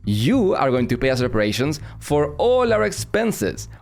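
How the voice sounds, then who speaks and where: A man's voice: fairly high pitch, sing-song, normal speed, creaky, darkish tone. A man doing a gloating British negotiator. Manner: smug, mocking, laughing at the other side.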